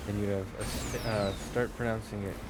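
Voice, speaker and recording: A man's voice: on the low side, flat delivery, normal speed, noisy background. Joking gaming streamer, man. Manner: crude, joking banter with chat. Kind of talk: casual let's-play commentary. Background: game music.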